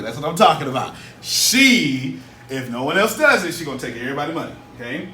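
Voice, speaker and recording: A man teaching a live seminar as a business coach, energetic and colloquial, drawing call-and-response from his audience. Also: on the high side, quick pace. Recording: echoey room, mic far off, faint hiss.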